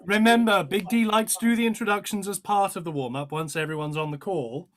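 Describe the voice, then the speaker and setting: A performer on a video call, briskly steering the rehearsal with a few hesitant restarts. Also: mid-range voice.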